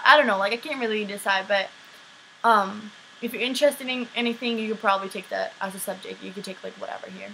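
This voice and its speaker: This teen girl from Sweden vlogs as an exchange student, casually working through viewer questions with a light Swedish accent and plenty of "um" and "like." She speaks in a mid-range voice that sounds pushed and bright. The recording is low quality, with slight background noise.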